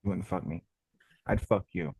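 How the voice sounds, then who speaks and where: A man on a call-in show with a lowish voice and a dry, close sound. He rambles through his stories, swearing constantly and repeating himself as he goes. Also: normal speed, creaky, darkish tone, husky, no echo. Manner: profane, rambling storytelling. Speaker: caller. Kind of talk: casual call-in chat.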